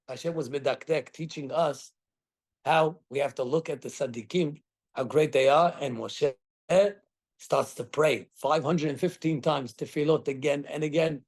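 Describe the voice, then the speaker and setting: Rabbi telling a Torah story. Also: male voice, on the high side, husky. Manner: animated storytelling with acted quotes. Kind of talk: Torah class.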